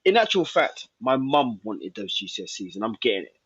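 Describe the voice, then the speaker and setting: A man's voice: fairly low pitch, sing-song, a little fast, a bit bright, slightly rough, no echo, muffled recording. A man, a podcast guest telling a story and acting out old conversations.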